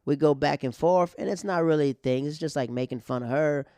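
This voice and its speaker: Male comedian, casual storytelling, rambling, smooth voice, dry close sound. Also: a little high, a little fast, mellow, no room sound. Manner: rambling, conversational, with many restarts and fillers. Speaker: comedian and podcast host.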